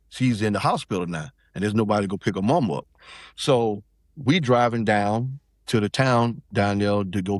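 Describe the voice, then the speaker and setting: A man's voice: lowish voice, dry recording, clean studio sound. A middle-aged man from South Carolina, telling a personal story in loose, rambling casual talk as a podcast guest. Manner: loose, rambling, with many restarts and fillers.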